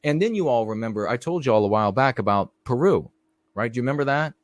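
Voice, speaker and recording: A man's voice: medium pitch, lively intonation, fast talker, dry recording. A middle-aged man hosting a live stream, telling rambling stories in a casual monologue and talking straight to his viewers. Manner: rambling storyteller, addresses viewers directly.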